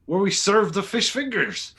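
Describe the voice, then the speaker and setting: A man's voice: high voice, big pitch swings, moderate pace, over a noisy crowd, voice pushed up. A man voicing a fussy, self-important old ship captain who talks in a blustering way. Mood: blustery. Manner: blustery, pompous.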